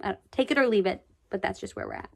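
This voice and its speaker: A woman reading a children's book aloud, expressive, with chatty asides. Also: medium pitch, fast, creaky, slightly rough. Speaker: storybook reader.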